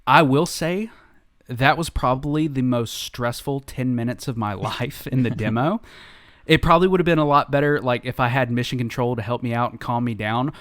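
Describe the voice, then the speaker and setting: Male podcast host, lively storyteller, mid-range voice, dry recording. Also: medium pitch, normal speed, no room sound. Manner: animated storyteller, laughs often. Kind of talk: casual podcast chat.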